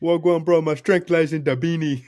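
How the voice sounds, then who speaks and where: A laid-back, joking strongman with a deliberately clumsy mock Jamaican accent, as a man puts him on for a laugh. The voice sits a little higher than an everyday man's and sounds close and dry. There is no room echo at all. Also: steady tone, a little mellow, lightly acted. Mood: swaggering. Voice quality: exaggerated, clumsy imitation accent. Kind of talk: comic bit on a podcast.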